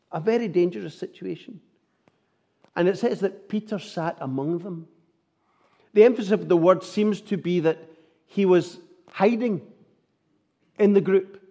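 A man's voice: high voice, warm tone. A man preaching a sermon, earnest and full of rhetorical tag questions.

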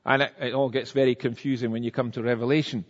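A man preaching a sermon in a conversational, animated way, acting out the quotes he tells. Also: medium pitch, fast talker. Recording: dull sound with long reverb in a church hall.

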